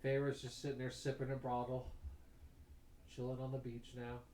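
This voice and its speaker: A man's voice: medium pitch, monotone, normal speed, mellow, a little hiss or hum. A man running a tabletop game as game master, telling gory scenes with vivid detail and chuckles. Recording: echoey room.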